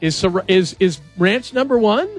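A man's voice: high voice, lively intonation, normal speed, faint music behind. A man hosting a radio show in casual, jokey chat and asking his co-hosts questions. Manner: chatty, jokey, asks the others questions.

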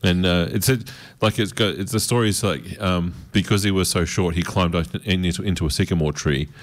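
Low-voiced aussie guy on radio, chatty, laughs a lot, remembering old songs. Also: a little fast. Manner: chatty, reminiscing, laughs easily. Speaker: radio co-host. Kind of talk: casual chat.

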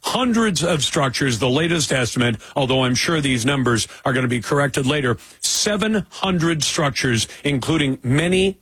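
A male talk radio host delivers his monologue with a slightly husky voice. He talks in an emphatic, conversational way and adds personal asides. The studio sound is dry and close. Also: medium pitch, a bit bright, no room sound, poor audio.

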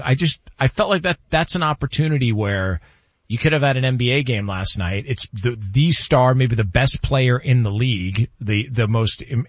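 A man hosts a sports talk show, riffing in an animated, rambling way and joking with his co-hosts. He is recorded close on a studio mic. The sound is dry and a bit dull. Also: mid-range voice, no echo. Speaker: sports talk radio host. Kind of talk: casual sports radio chat.

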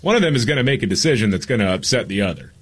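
A male co-host on a talk radio show with a low, slightly husky voice. He speaks in a measured, casual way, often pausing on fillers. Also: very animated.

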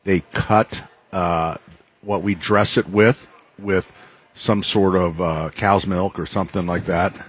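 A man with a somewhat low voice talks in a loose, casual way as a guest. He rambles and often leaves sentences unfinished before starting over. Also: steady tone, takes it slowly, slight background noise. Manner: rambling, trails off mid-sentence. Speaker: guest, event organizer. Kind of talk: casual on-air chat.

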